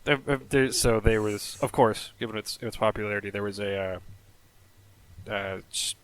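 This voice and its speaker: A man co-hosting a casual podcast chat, wry and relaxed, swearing and laughing often. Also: fairly low pitch, normal speed, smooth, rough recording. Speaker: podcast co-host.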